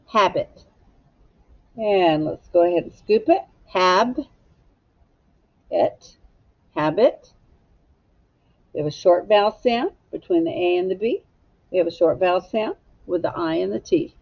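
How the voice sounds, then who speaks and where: A woman teacher giving a slow, patient phonics lesson to young children and prompting them to echo words. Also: fairly low pitch, highs cut off.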